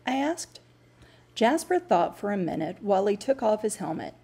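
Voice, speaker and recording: A woman reading a storybook aloud to elementary pupils in a clear, teacherly, explanatory way. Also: medium pitch, sing-song, normal speed, dark tone.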